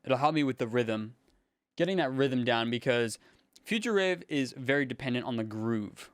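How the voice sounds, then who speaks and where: A young man, a music producer, casually thinking aloud in a relaxed, slangy way as he builds a track in his home studio. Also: medium pitch, normal speed, clean tone, no room sound. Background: faint synth music playing.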